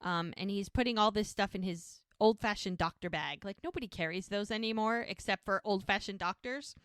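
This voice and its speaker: A woman's voice: medium pitch, a little fast, a bit bright, smooth, dry recording, clean studio sound. A woman co-hosting a podcast, chattily retelling a TV episode with lots of fillers and feeling. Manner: chatty storyteller, emotional, many fillers. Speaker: podcast co-host. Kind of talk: casual chat recapping a TV episode.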